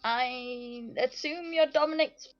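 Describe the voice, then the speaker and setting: A woman's voice: sits high, slow pace, dull audio, soft background music. A woman playing a tabletop game, blunt and laughing, swearing casually. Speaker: player. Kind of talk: casual tabletop role-play.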